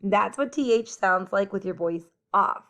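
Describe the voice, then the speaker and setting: A woman teacher giving a children's phonics lesson, speaking clearly and encouragingly as she models letter sounds. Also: mid-range voice, unhurried, sharp tone.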